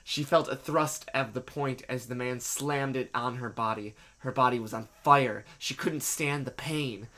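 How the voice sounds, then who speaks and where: A man's voice: mid-range voice, fairly even intonation, unhurried, hardly any pauses, sharp tone. A man reading fanfiction aloud dramatically, breaking off for jokes and swearing. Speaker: reader and co-host.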